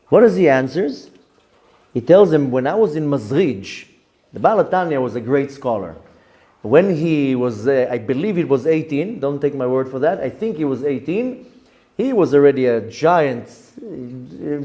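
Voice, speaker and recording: A man giving a Torah lesson as a rabbi, telling a story in a lively way, repeating words and acting out the lines of the people in it. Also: mid-range voice. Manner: animated, repeats words, acts out quotes in the story.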